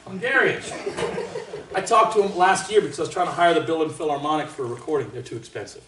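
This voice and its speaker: A man from Canada leading a trumpet master class in a casual, joking way, with boastful asides and sudden loud exclamations. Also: on the high side, quick pace, noisy background. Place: large room with an audience. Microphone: distant microphone. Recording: roomy, distant sound.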